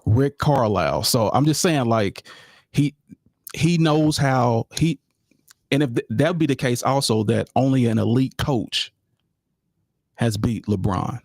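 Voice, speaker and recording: A man's voice: medium pitch, measured pace, long pauses, darkish tone, no room sound. Laid-back male podcast host, dry sound. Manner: laid-back, repeats phrases, addresses listeners as y'all. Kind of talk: casual sports chat, live stream.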